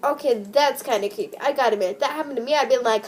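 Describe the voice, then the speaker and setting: Young woman vlogger with a fairly high voice, reads creepy stories aloud casually and reacts in an animated way. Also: racing, hardly any pauses, background noise. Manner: animated, gasping and laughing reactions between readings.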